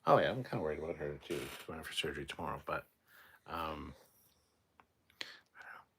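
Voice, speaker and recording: A man's voice: expressive, fast talker, vocal fry, fairly bright tone, husky. A sleep-deprived man hosting a casual late-night livestream, reading out chat and rambling in a tired, mumbling way. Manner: tired, rambling, drops to low mutters.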